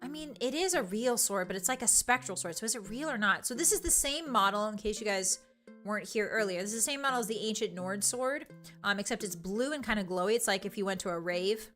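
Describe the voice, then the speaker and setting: Bright, playful young woman streamer. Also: medium pitch, animated, fast talker, soft background music. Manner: playful, giggly and teasing. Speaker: virtual streamer. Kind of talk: casual live-stream chat, reading out chat.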